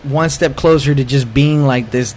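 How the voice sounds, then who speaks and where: A man's voice: mid-range voice, moderate pace, a little mellow, a little hiss or hum. A young man hosting a casual podcast chat, telling stories in a laid-back way, swearing freely and often restarting his sentences. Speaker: podcast host.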